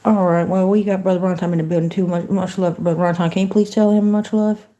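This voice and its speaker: A woman's voice: on the low side, steady tone, quick pace, dark tone. A woman livestreaming from home in a folksy, chatty manner, talking to her viewers and to a phone voice assistant. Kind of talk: casual livestream chat.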